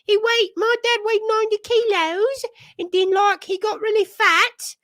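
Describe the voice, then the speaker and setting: A man's voice: fairly even intonation, unhurried, fairly bright tone, no room sound, clean studio sound. A man voicing a young surfer girl. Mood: tattling. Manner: squeaky falsetto, tattling.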